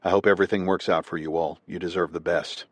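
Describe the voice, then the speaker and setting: Loving young Marine's letter home, read by a low-voiced male narrator, soft and earnest, dry audiobook sound. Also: fairly even intonation, quick pace, slightly rough, no room sound. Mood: tender. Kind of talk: scripted nonfiction narration.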